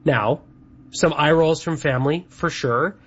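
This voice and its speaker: A Canadian co-host with a fairly high, breathy-edged voice rambles through lists in unhurried casual chat, using lots of fillers. The recording has a dull lo-fi sound.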